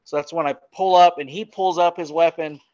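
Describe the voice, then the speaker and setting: Male guest, lively storyteller, slightly high voice, muffled dry recording. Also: brisk, dry recording. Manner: animated, laughs often, acts out quotes. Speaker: podcast guest. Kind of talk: casual storytelling.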